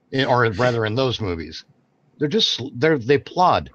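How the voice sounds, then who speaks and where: A man's voice: medium pitch, fairly bright tone. A man co-hosting a live stream, chatting casually and ranting with lots of swearing. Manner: profane, ranting. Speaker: co-host. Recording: dull lo-fi stream audio with background noise.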